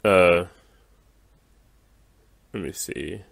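A man with a very deep voice rants as he reads through viewer comments, exasperated and dismissive, with many "like" and "uh" fillers. The recording is dry and close to the mic. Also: very slow, vocal fry, dry recording. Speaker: gaming video creator.

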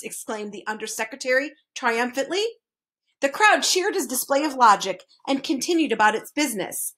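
A woman reading a children's chapter book aloud, with expressive narration. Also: a little high, brisk. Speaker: reader. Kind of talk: storybook read-aloud.

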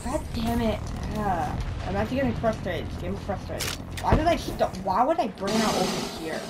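A woman chats through an online shooter match, cursing freely and poking fun at her own play. She sits some way from the microphone, and a steady noise floor with clicking runs under her middle-pitched voice. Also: a little fast. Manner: rambling, self-mocking, swears often. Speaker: video game player. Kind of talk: casual gameplay commentary. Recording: distant mic with steady background noise.

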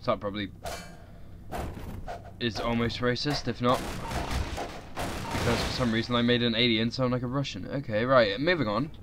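A man's voice: medium pitch, steady tone, moderate pace, long pauses, noisy background. A man giving profane, sarcastic let's play commentary as a gaming YouTuber.

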